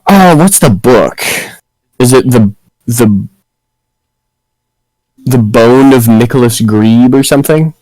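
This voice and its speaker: A man's voice: mid-range voice, expressive, takes it slowly, pauses often, darkish tone, dry recording, poor audio. A man chatting casually between tabletop game turns, rambling and restarting his sentences. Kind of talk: casual chat.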